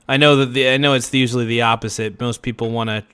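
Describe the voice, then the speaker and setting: A man's voice: mid-range voice, steady tone, quick pace, a bit bright, clear, resonant tone. A man hosting a casual late-night livestream, rambling and self-reflective, trailing off with fillers and restarts. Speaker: livestream host.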